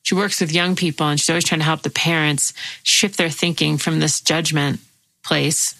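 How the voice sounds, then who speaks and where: A woman's voice: low-pitched, steady tone, moderate pace, gravelly, no echo, low-quality recording. Reflective woman hosting a chat. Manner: warmly agreeing, reflective. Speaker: host. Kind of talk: casual chat.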